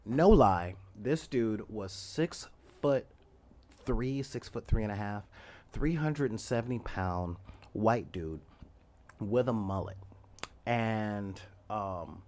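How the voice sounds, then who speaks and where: A man in his forties telling a story in a loose, rambling way, often laughing and acting out the quoted lines loudly. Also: lowish voice, lively intonation, slow. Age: 40s. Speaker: podcast host. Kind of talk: casual storytelling.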